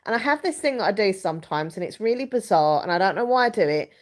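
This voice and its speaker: A young woman chats to her viewers on a live stream from home. She rambles from story to story, giggles at herself and answers comments as they come in, all at an everyday middle pitch. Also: expressive, fast talker. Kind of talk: casual live chat, reading comments.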